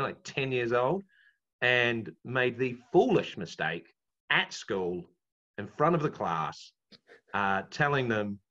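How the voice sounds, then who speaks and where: A comedian from New Zealand with a New Zealand accent, trading jokes in a loose, casual chat. His voice rides up and down with plenty of lively pitch movement, and the sound comes through a dull, lo-fi call. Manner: animated, joking, quick to put on voices.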